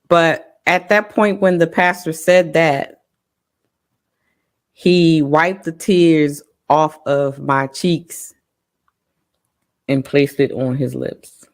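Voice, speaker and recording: Woman, parent co-host, casual testimony, emotional, halting, unhurried delivery. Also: low voice. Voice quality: halting, emotional, many pauses and restarts.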